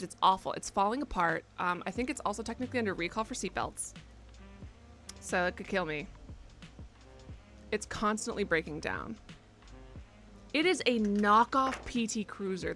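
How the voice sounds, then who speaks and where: A young woman streamer in her twenties chats to her audience in a rambling, self-mocking way, now and then breaking into loud excited bursts. Her pitch sits in the middle for a woman. Soft music plays faintly behind her. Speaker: game streamer. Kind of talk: casual live-stream chat. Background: faint background music.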